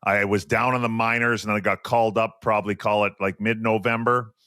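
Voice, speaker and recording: A man's voice: on the low side, a little fast, no room sound, studio quality. A man in his forties from Western Canada, a former hockey player and podcast co-host, telling stories casually and acting out quotes. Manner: animated storyteller, acts out quotes. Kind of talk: casual storytelling.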